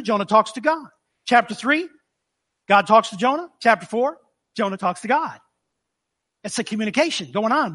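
A man's voice: extremely high pitch, fairly bright tone, breathy edge. A man preaching a sermon in a conversational way, acting out the scripture as he reads it. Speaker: pastor.

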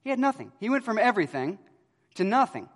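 A pastor delivers an earnest sermon, his fairly high voice swelling loud on key words and then falling to a hush. His words carry a long reverb that rings through a church sanctuary. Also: very animated, quick pace.

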